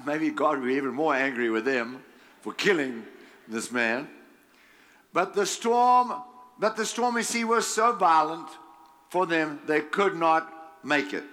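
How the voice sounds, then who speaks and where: A man's voice: a little high, a bit bright. A man preaching a sermon, reading scripture aloud and adding his own emphatic remarks with frequent chuckles. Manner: slow, emphatic delivery with chuckles.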